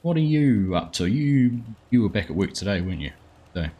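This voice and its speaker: Relaxed Australian man, low husky voice. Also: fairly quick, dull audio. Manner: relaxed, chatty, greets viewers by name. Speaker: game streamer. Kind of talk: casual live-stream chat while playing.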